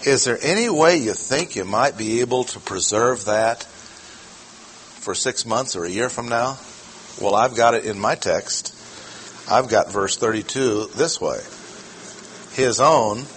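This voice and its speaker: A man preaching a Bible teaching sermon, speaking deliberately and emphatically, slowing down to stress key words and putting questions to his listeners. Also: medium pitch, slight background noise, rough recording. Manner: asks the audience questions.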